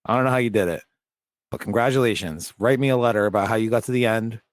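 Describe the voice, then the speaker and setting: A man's voice: on the low side, quick pace, no room sound. A man co-hosting a podcast in casual chat, ranting bluntly with lots of swearing. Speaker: podcast co-host.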